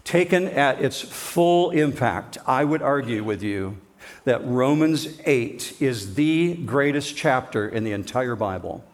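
A pastor preaching a sermon, emphatic, swinging between forceful declarations and hushed, slowed lines. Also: male voice, medium pitch, expressive.

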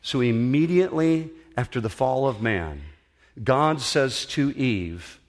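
A man's voice: medium pitch, lively intonation. Earnest man preaching a sermon. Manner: earnest, emphatic preaching with dramatic pauses. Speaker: pastor. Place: auditorium.

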